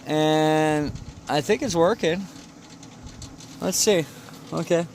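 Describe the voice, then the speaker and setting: A man with a fairly high voice films himself outdoors beside his car on a cold morning. He rambles and jokes, asking himself questions and answering them as he goes. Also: slow, darkish tone, slight background noise. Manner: rambling, jokey and self-talking. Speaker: vlogger. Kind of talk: casual vlog.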